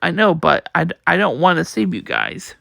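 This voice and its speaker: A man reading out a carefree, rubbery young pirate captain in a high, gravelly voice. He sounds offhand and flat, and the recording is dry and close. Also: moderate pace, no room sound, heavily acted. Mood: listless.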